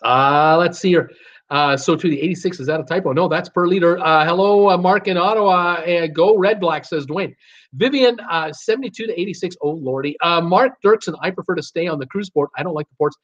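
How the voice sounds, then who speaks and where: A man's voice: a little high, brisk, a bit bright, muffled recording. A man hosts a live cruise Q and A stream, chatting casually and reading out viewer names and comments with many "uh" fillers.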